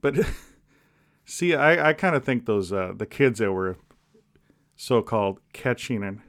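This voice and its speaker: A man co-hosting a podcast, cracking deadpan jokes in casual rambling chat. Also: mid-range voice, unhurried. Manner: deadpan jokey, rambling with restarts. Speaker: podcast co-host.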